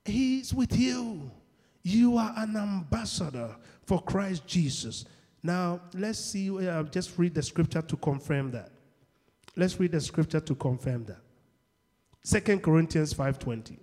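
A man preaching a sermon, asking the congregation questions and shouting at key points, acting out the people in his stories. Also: on the high side, lively intonation, a little slow. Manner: call-and-response questions, shouts at peaks; acts out quoted people in dialogue. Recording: long hall reverb.

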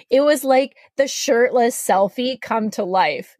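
A woman from Canada, a podcast guest, telling a story in a casual, animated way, acting out the voices she quotes and saying "like" a lot. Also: mid-range voice, moderate pace, few pauses, no room sound, studio quality. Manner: animated, acts out quoted voices, heavy use of "like".

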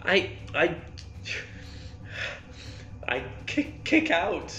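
A man's voice: high voice, very animated, drawn-out words, sharp tone, roomy sound, muffled recording, full character voice. A man voicing a timid, fussy accountant in a tabletop game, stammering and jittery. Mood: flustered. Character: nervous male London accountant, timid and fussy. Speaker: player. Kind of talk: playing a tabletop game in character.

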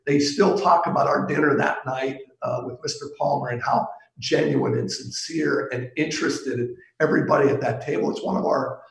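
A middle-aged man from Pittsburgh, a sales executive guest, telling golf stories in a relaxed, anecdotal way with lots of fillers. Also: mid-range voice, normal speed, gravelly, hardly any pauses, roomy sound, poor audio. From Pittsburgh, USA. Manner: warm anecdotal, chuckles, trails off with fillers. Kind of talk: casual storytelling.

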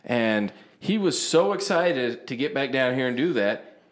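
A man in casual chat who agrees readily and explains things in halting, rambling sentences. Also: medium pitch, animated.

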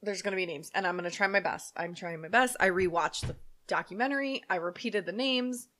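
A woman's voice: mid-range voice, a little fast, fairly bright tone. A woman co-hosting a casual true crime podcast, giggly and tipsy, stumbling over her words. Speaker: podcast co-host.

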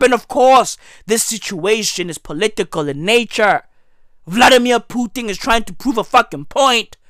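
A man giving a comedic, profane news rant. He is hoarse from losing his voice and keeps tossing in "right?" and "bruh". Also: high voice, animated, normal speed, fairly bright tone, dry recording, clean studio sound. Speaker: commentary vlogger.

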